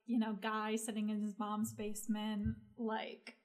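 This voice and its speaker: A woman on a movie podcast, chatting casually and chiming in with quick agreement. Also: mid-range voice, completely flat delivery, a little mellow.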